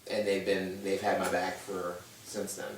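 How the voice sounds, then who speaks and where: Guy in his 30s, kinda low voice, telling his story and doing everyone's voices, echoey room, mic far off. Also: normal speed. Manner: animated, acts out quoted voices. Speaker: guest. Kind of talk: candid personal storytelling. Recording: echoey room, distant mic, faint noise.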